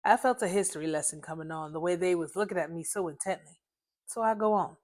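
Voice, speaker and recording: A woman reads her own short story aloud in the first person, with a lively, conversational delivery. Her pitch is fairly low and she talks fast.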